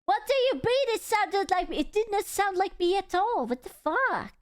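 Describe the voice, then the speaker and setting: A woman's voice: very high voice, sing-song, moderate pace, dry recording. A woman streamer reacting live to a video, playful and teasing with giggly banter.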